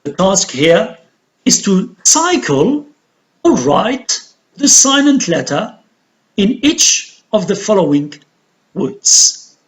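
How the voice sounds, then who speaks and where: A woman teaching an English lesson, saying each word slowly and repeating it carefully for pronunciation. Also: mid-range voice, very animated, poor audio. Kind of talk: classroom lesson, slow and deliberate.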